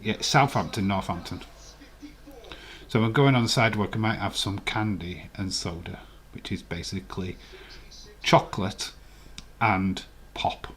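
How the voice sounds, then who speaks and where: A man's voice: fairly low pitch, unhurried, long pauses, a bit bright. A man from West Yorkshire with a Yorkshire accent, hosting a casual live watch-along and chatting playfully and argumentatively with his viewers. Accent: Yorkshire English. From West Yorkshire, England. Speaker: live stream host.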